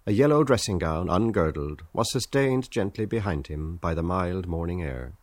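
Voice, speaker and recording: A man narrating a novel as an audiobook in a measured, stately way. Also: deep voice, animated, a little mellow, dry recording.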